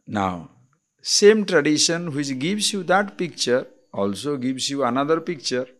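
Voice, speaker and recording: A swami with an Indian accent gives a spiritual discourse on scripture, explaining deliberately and checking in with rhetorical questions. His voice leans high, with big swings in pitch and a fairly bright tone.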